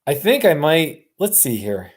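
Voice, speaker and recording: Brief: man hosting a laid-back live stream, slow and meandering, reacting to viewer questions. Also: a little high, big pitch swings, husky. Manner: rambling, answers viewers' comments. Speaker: livestream host. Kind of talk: casual livestream chat.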